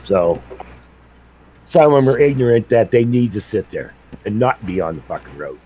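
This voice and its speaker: A middle-aged man with a somewhat low voice chats casually while streaming a game. He tells stories bluntly and swears constantly, laughing at his own tales. A faint noise sits behind him. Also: big pitch swings, moderate pace, mellow, low-quality recording. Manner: blunt, profane storytelling with laughs. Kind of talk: casual chat while gaming.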